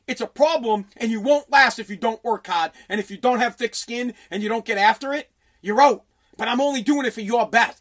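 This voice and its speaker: A man's voice: high voice, a bit bright. Profane, blunt man ranting. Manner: profane, aggressive, emphatic. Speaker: business owner and radio host. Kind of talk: blunt motivational rant.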